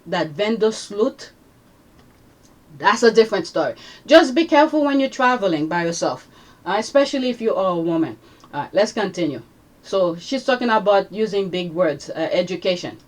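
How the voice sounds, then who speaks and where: A woman's voice: medium pitch, expressive, normal speed. A woman hosting a casual commentary vlog, rambling and chatty with many fillers as she reacts to social media posts.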